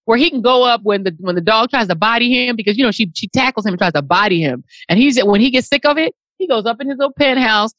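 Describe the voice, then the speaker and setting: A woman co-hosting a casual chat, telling playful, animated stories. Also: fairly high pitch, fast talker, few pauses, dry recording, dull audio.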